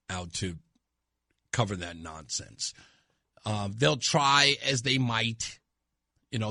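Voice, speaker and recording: Animated, sarcastic radio host man. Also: medium pitch, no echo, studio quality. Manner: sarcastic, mocking, laughs at own jokes. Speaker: radio talk show host. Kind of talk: talk radio monologue.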